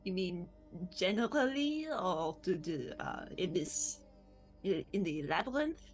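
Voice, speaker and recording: A woman's voice: lowish voice, big pitch swings, faint music behind. A woman playing in a tabletop game, playful and joking. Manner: playful, laughing, unhurried. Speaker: player.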